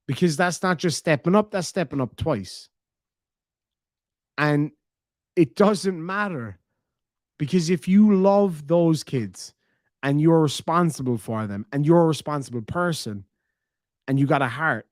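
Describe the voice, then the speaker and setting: Profane, animated Irish streamer. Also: male voice, fairly high pitch, dry recording, clean studio sound. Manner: blunt and profane, emphatic. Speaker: livestream host reading donations. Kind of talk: casual livestream chat.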